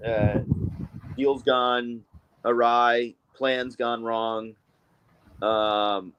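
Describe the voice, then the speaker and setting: A man talking casually on a weekly stream, his pitch sitting in an ordinary middle range. He rambles, stops, and restarts his sentences, filling the gaps with ums and likes. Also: fairly bright tone, rough recording. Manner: rambling, halting, many fillers and restarts. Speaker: co-host. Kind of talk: casual political chat.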